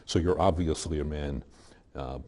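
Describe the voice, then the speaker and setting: Very deep, husky male TV interviewer. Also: fairly even intonation, normal speed, dark tone. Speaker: television interviewer. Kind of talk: interview questions. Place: television studio.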